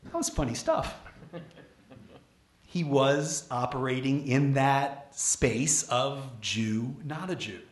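A man from Brooklyn giving a public lecture, animated and full of restarts and questions to the audience. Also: medium pitch, slow pace. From Brooklyn, New York. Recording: echoey lecture room.

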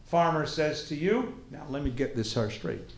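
A man's voice: on the high side, animated, moderate pace, slight background noise. A man giving an interactive class lecture, animatedly quizzing his audience. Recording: roomy lecture hall.

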